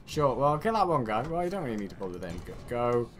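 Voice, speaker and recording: A British man from the United Kingdom giving rambling, excitable game commentary with sarcastic asides. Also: mid-range voice, fast. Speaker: let's play gamer.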